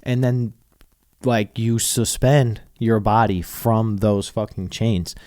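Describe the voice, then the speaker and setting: Young male podcast host from Minnesota, smooth resonant voice, dry close mic, loose and profane. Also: fairly low pitch, fairly even intonation, takes it slowly, dark tone, dry recording. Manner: rambling, swears freely, laughs often. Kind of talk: casual solo podcast monologue.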